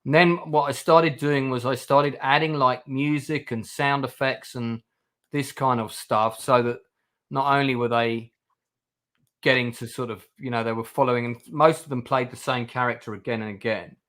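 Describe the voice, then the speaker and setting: A man's voice: mid-range voice, steady tone, normal speed, fairly bright tone. A man hosting a livestream, chatting casually with guests, with lots of fillers and restarts. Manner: rambling, many fillers and restarts. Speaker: channel host.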